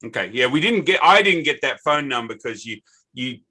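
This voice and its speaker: A man's voice: mid-range voice, sing-song, a little fast, pushed and bright. A middle-aged man with an Australian accent hosting a podcast, chatty and rambling through anecdotes. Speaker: podcast host. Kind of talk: casual interview chat.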